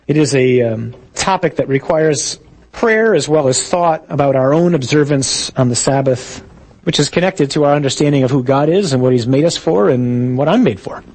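A man's voice: mid-range voice, lively intonation, normal speed, a little mellow, rough recording. A man, a priest, giving a conversational sermon with jokey asides and told stories.

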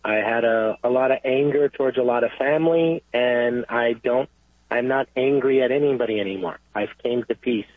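Casting: man, radio caller, earnest and halting, dry tinny phone sound. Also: mid-range voice, no echo. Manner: halting, repeating himself, earnest. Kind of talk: call-in radio testimony.

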